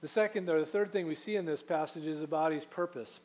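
A man's voice: a little high, quick pace, a little mellow. A man preaching a sermon, reading scripture aloud and rising in force to stress key points. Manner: earnest preaching, reads scripture aloud, swells for emphasis. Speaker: pastor.

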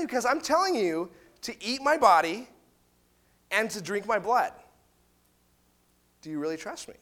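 A man's voice: high voice, moderate pace. A man preaching a sermon, retelling scripture in casual paraphrase and acting out the quoted voices. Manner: animated, acts out quotes of biblical figures in casual paraphrase. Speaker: pastor.

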